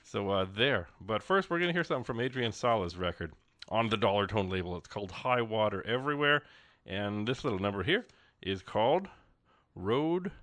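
A man's voice: fairly low pitch, lively intonation, moderate pace, fairly bright tone, dry recording. A man hosting a radio music show, chatting casually in a rambling, joking way with many fillers and restarts from the studio.

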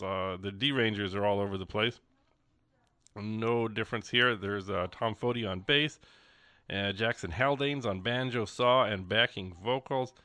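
A man's voice: on the low side, bright, forceful tone, dry recording. A man hosting a radio music show, chatting casually in a rambling, joking way with many fillers and restarts from the studio.

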